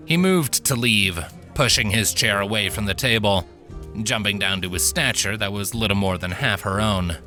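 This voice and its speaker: A man narrating a fantasy short story in an expressive storytelling manner, with faint music behind him. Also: on the low side, normal speed.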